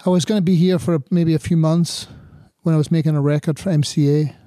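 A man's voice: a little high, fairly even intonation, fast, mellow, no room sound, studio quality. An older man with a mild Scottish accent, chatting reflectively as a guest musician in an interview, often saying "you know". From Scotland. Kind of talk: casual interview chat.

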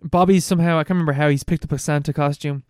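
A man's voice: on the high side, steady tone, a little mellow, clear, resonant tone, dry recording, clean studio sound. Rambling man recapping a film. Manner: rambling, laughing, swearing, fast storytelling. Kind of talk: casual chat recapping a film.

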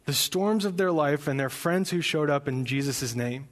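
A young man preaching a sermon, impassioned and building to loud emphatic peaks. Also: mid-range voice, moderate pace, hardly any pauses. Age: young adult. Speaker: pastor.

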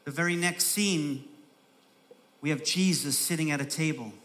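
A man preaching a sermon as pastor, repeating phrases for emphasis and building from soft, slow stresses to raised, urgent delivery. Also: fairly high pitch.

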